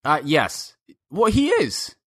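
A man's voice: on the high side, slow, husky, no room sound, clean studio sound. A man co-hosting a casual podcast, chatting and reading a sponsor promo. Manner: chatty, animated, breaks into relaxed ad reads. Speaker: podcast co-host.

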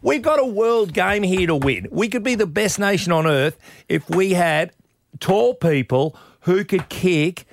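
A man's voice: high voice, measured pace, creaky. An Australian man hosting breakfast radio, rambling and opinionated in casual studio banter. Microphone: studio microphone.

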